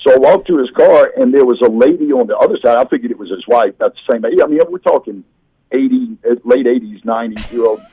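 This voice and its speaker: A comedian guest on a video call, telling rambling, self-deprecating stories in casual chat. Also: male voice, mid-range voice, fast, slightly rough, dry recording, highs cut off.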